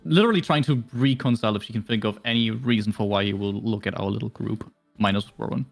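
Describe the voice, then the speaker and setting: Gravelly-voiced male tabletop player. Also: fairly low pitch, fast, soft background music. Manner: hesitant, stammering questions. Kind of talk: casual tabletop chat.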